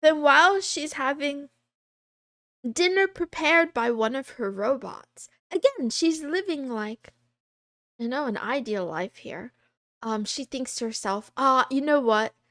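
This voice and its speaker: Lively high-voiced woman streamer. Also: measured pace, no room sound, studio quality. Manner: animated, rambling, laughs often. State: losing her voice. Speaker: VTuber streamer. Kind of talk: casual livestream chat.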